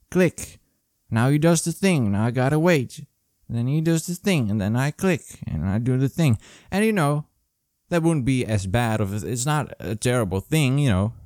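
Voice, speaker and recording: A man's voice: mid-range voice, darkish tone, no echo, clean studio sound. A man hosting a solo podcast, ranting sarcastically and profanely in a grumpy way. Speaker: podcast host.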